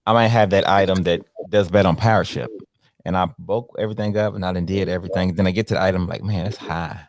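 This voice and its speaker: Fast-talking man with a low voice. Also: steady tone, no room sound, clean studio sound. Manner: fast, rambling, with repeated restarts. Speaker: co-host. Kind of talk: casual chat on a live stream.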